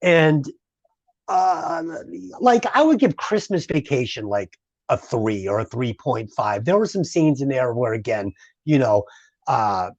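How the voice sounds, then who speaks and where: A podcast co-host tearing into a movie with foul-mouthed, animated rants. The pitch swings widely from line to line. The sound is dull and lo-fi but close and dry. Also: a little slow, dry recording. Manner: profane, ranting, animated. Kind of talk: casual movie review chat.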